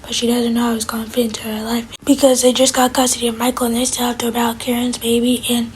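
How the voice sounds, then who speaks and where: A woman's voice: on the high side, little pitch movement, fast talker, a little hiss or hum. A woman reviewer giving a casual, chatty recap of a TV episode, quoting the characters and adding playful asides. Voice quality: very breathy, whispery. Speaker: TV show reviewer.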